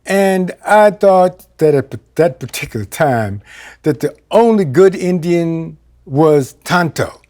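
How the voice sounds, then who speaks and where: A male minister preaching a sermon, telling a personal story and swinging between loud exclamations and quiet asides. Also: on the high side, expressive, slow pace.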